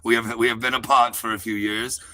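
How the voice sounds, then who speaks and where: A man's voice: mid-range voice, level tone, brisk, pushed and bright, a little hiss or hum, rough recording. A middle-aged man with a Southern US accent, hosting a livestream in a rambling, profane way and always asking "you heard?". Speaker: livestream host. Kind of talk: rambling live-stream monologue and phone chat.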